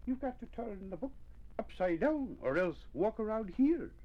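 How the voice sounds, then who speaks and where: A man's voice: high-pitched, big pitch swings, moderate pace, muffled recording, pitched above the performer's own voice. A man doing a patient storybook friend. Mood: explaining.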